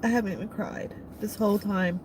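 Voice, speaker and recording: A woman's voice: medium pitch, steady tone, a little fast. Tearful woman vlogger over background noise. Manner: tearful, thanking viewers by name. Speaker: trucker and vlogger. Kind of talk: emotional live-stream chat. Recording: noisy background.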